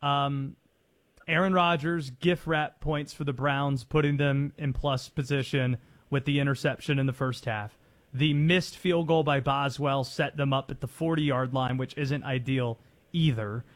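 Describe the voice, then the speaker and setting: A man hosting a sports call-in show, talking fast and animated, joking with callers and poking fun at himself. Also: mid-range voice. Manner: animated, quick, jokey and self-deprecating. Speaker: sports talk radio host. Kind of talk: energetic sports radio talk.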